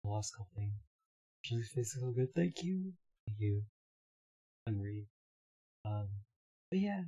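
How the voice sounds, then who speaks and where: A hoarse young man streaming live, chatting casually, reading his chat aloud and laughing often. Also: fairly low pitch, lively intonation, unhurried, warm tone.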